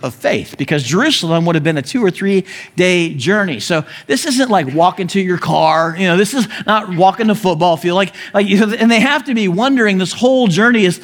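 Animated high-voiced male preacher. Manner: animated storytelling, acting out voices, chuckling. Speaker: pastor. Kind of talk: sermon.

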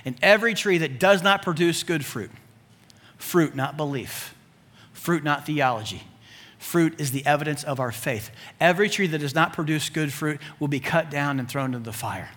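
A male pastor preaches with lively, joking energy, punching some phrases loudly and dropping low for asides. His voice sits high and sounds bright. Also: moderate pace. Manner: animated and humorous, swinging between loud emphasis and low asides. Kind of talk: sermon.

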